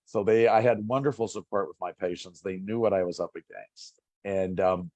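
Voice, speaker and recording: Man in his sixties, from Minnesota, lowish voice, dry close sound, animated storyteller. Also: moderate pace, no room sound. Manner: animated, acts out past conversations. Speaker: pain doctor guest. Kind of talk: casual interview storytelling.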